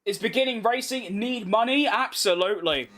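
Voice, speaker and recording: A young man with a British accent and a fairly high voice, talking through a racing game live and reading chat. He reacts quickly to the action and jokes at his own expense. A faint hum sits under his voice. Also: pushed and bright. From United Kingdom. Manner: chatty, quick reactions to the race, self-mocking. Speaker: gaming streamer. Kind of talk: live gameplay commentary while reading chat.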